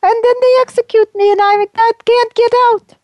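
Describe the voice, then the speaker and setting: A woman voicing the bewildered, mournful ghost of an old male priest martyr in a high wailing cry, in improvised radio comedy. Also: flat delivery, no echo, lo-fi sound. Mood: plaintive. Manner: plaintive, confused, drawn-out complaints.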